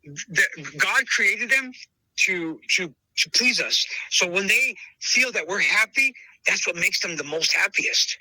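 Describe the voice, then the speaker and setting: A man speaks in a casual interview with a forceful, tense edge to his fairly high voice. He stresses points by repeating them and keeps calling the listener brother. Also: expressive, unhurried, no echo, rough recording. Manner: emphatic, repeats himself, calls listener brother. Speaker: podcast host interviewed as dog trainer.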